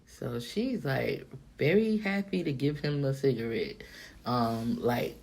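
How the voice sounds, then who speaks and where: A woman from the Miami-Dade area telling a personal story straight to camera, candid and profane, in an animated, chatty way. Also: extremely low pitch, slow pace, slight background noise. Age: adult, past her younger days. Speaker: vlogger. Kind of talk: casual storytime monologue.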